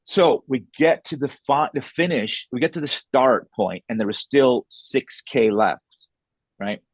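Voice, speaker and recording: A man's voice: mid-range voice, measured pace, slightly rough, dry recording. A man talking as an author and podcast guest, telling a story casually, acting out what people said, with blunt, salty wording. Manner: animated, re-enacts dialogue, blunt and salty.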